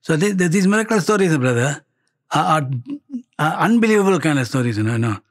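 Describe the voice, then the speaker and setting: A man with a Malaysian English accent telling a personal story to a gathering, halting and repeating words as he acts out the dialogue. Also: a little high, lively intonation. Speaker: speaker at a devotional gathering.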